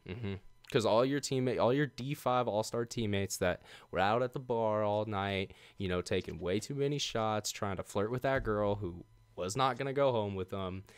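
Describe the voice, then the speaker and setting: A man's voice: fairly low pitch, normal speed, clear, resonant tone. A man hosting a casual podcast, chatty and laid-back, laughing often and filling gaps with ums, reading a sponsor spot in the same easy tone. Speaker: podcast host.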